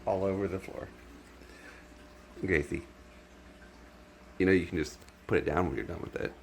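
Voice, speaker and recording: A man's voice: sits low, normal speed, creaky, a little hiss or hum. A man chatting playfully to his pet bird at home in a kitchen, using sing-song baby talk and laughing often.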